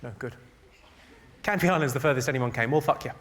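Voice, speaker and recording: A man doing stand-up crowd work, firing off deadpan put-downs at hecklers. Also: mid-range voice, fast talker, very noisy. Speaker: stand-up comedian. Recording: live theatre show, loud crowd laughter. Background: audience laughing and applauding.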